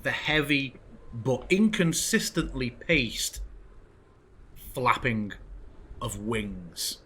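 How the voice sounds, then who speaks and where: A man runs a tabletop game as game master. He paints the scene with slow, vivid description. His voice is bright and forceful over faint background noise. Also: medium pitch, lively intonation.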